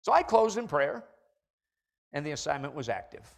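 Middle-aged pastor preaching in church, lively pitch swings, gets loud and punchy. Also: male voice, normal speed, vocal fry. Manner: animated preaching, rising to loud emphatic peaks. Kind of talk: sermon. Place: church sanctuary.

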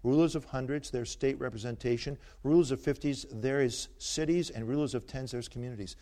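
An older man preaching a sermon, animated and joking as he tells stories and teases his listeners. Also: medium pitch, fairly quick.

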